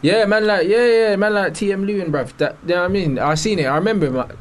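A young man trading slang-heavy, boastful football banter. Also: high voice. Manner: slang-heavy, boastful, fast back-and-forth.

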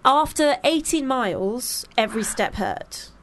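A woman's voice: on the high side, animated, a little slow, slight background noise. A British woman co-hosting a radio show, chatty and self-mocking as she tells stories. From Britain. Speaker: radio co-host. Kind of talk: casual radio chat.

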